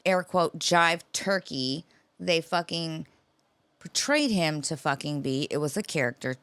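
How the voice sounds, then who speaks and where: A woman's voice: sits low, expressive, unhurried, a bit bright, clean tone, no echo. A woman co-hosting a podcast, telling a long story in a profane, rambling casual chat. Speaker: podcast co-host.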